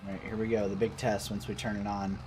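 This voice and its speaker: A man's voice: lowish voice, little pitch movement, fast talker, over music. A man streaming a farming game, chatting casually and swearing freely with co-players. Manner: profane, rambling banter. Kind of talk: casual gameplay chat.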